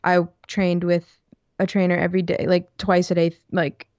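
A woman's voice: fairly low pitch, completely flat delivery, moderate pace, a little mellow, dry recording. A woman in her twenties, a guest on an interview show, chatting casually with lots of fillers. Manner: chatty, filler-heavy storytelling. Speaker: guest, former college hockey player. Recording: dry, dull lo-fi sound.

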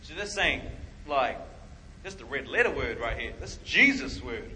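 Male preacher, bright forceful voice, animated storyteller who acts out quotes. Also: medium pitch, moderate pace, slight background noise, rough recording. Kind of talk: sermon.

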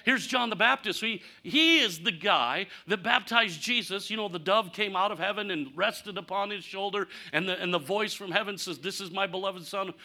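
A man preaching a conversational sermon, candid and humorous, asking rhetorical questions and swinging from punchy lines to near-quiet asides. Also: sits high, moderate pace, few pauses. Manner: animated, rhetorical questions, sudden drops to quiet; candid, self-deprecating humor. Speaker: pastor.

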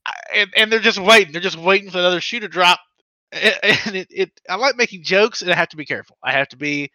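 A man's voice: sits high, fast, sharp tone, dry recording, rough recording. A man with a Southern accent co-hosting a podcast in casual chat, joking, swearing and poking fun at himself. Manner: joking, swearing, self-deprecating. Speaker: podcast co-host.

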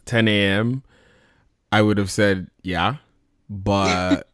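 A man's voice: fairly low pitch, fairly even intonation, takes it slowly, a bit bright, no echo, clean studio sound. A man hosting a casual podcast, joking and rambling with lots of fillers, tired after a long day. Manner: playful, jokey, rambling with fillers. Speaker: podcast host.

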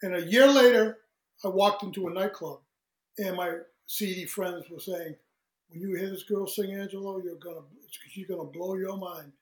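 A man telling lively stories as a guest in a casual interview, acting out what people said and laughing often. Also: sits high, normal speed, roomy sound, poor audio. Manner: animated storyteller who acts out quoted voices, laughs often. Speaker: guest, singer.

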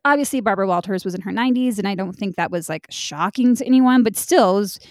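A woman's voice: medium pitch, lively intonation, quick pace, a little mellow, no echo, studio quality. A woman co-hosting a podcast in casual chat, talkative and laughing often, swearing now and then. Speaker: podcast co-host.

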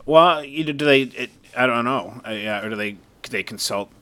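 A man's voice: mid-range voice, moderate pace, bright, forceful tone. A man co-hosting a podcast, giving opinions in a casual way that often trails off unsure. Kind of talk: casual discussion.

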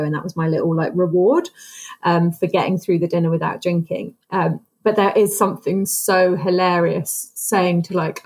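A woman co-hosting a podcast, chatting casually and laughing often as she talks. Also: fairly low pitch. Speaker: podcast co-host. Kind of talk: casual interview chat.

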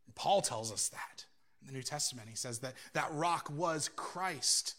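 A man's voice: fairly high pitch, expressive, a little slow, sharp tone. A man preaching a sermon as pastor, telling the story with animation and acting out the voices he quotes.

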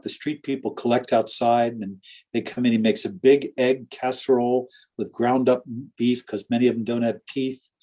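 A pastor with a husky, slightly breathy voice recounts stories from his life in an earnest, anecdotal way. He sits at a middle pitch for a man, and his telling runs on with small restarts and laughs. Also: dark tone. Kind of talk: storytelling in an interview.

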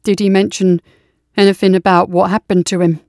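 A woman's voice: medium pitch, flat delivery, a little fast, a little mellow, no echo, clean studio sound, natural voice. A woman reading a storybook, voicing a shifty, uneasy male soldier who asks his questions hesitantly and nervously.

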